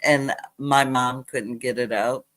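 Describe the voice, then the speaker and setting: An older woman telling childhood stories in a casual chat, animated as she retells them. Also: extremely low pitch, slow. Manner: animated retelling with acted quotes. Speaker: guest.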